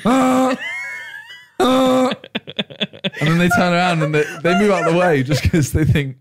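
A man's voice: a little high, fairly even intonation, fast talker, background noise. A young man hosting a podcast, teasing his co-hosts in playful casual chat and reading out topics one by one. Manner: teasing, playful, reads list items aloud. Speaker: podcast host.

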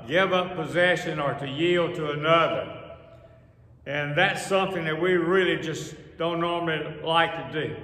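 A man preaching a sermon as pastor, slow and deliberate, repeating key phrases for emphasis. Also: on the high side, fairly bright tone. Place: church sanctuary. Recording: echoey hall with long reverb.

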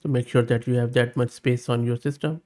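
A man hosting a screen-recorded software tutorial, thinking aloud as he runs tests, reading prompts and outputs aloud, and giving upbeat, plain-spoken verdicts. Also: medium pitch, level tone, brisk. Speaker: tech channel host.

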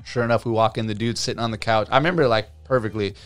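Speaking very fast in a voice on the low side, this man in his thirties, a tattoo artist guest, recounts his story with lots of fillers, acting out people's quotes. There's no room sound, just faint music in the background.

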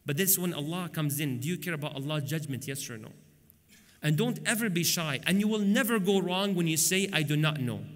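A man preaching at a conference, telling lively stories and acting out the dialogues with humor. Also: fairly high pitch, fairly quick. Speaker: Islamic preacher. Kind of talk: conference lecture. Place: large conference hall. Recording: long hall reverb.

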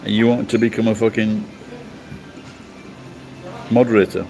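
A man's voice: on the low side, moderate pace, music in the background, low-quality recording. A middle-aged man from England chatting casually on a livestream, rambling and swearing bluntly as he answers comments. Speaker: livestream host.

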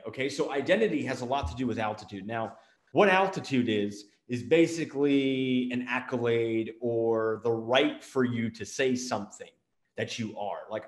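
Middle-aged guy doing a pumped-up business pep talk, fires questions fast, echoey room. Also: mid-range voice. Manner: energetic, rapid-fire rhetorical questions. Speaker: marketing agency owner and show host. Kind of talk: motivational business talk to camera.

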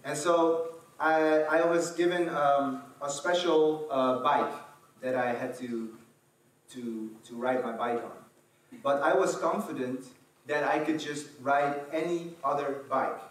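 A man from the Netherlands, telling a lively personal story to an audience and acting out the scenes. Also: a little high, slow. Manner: animated, acts out scenes, fillers and restarts. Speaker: speaker. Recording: echoey hall from far off, faint ambience.

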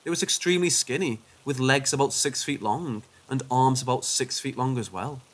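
Brief: male narrator, dramatic scripted paranormal storytelling, mid pitch. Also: normal speed, fairly bright tone.

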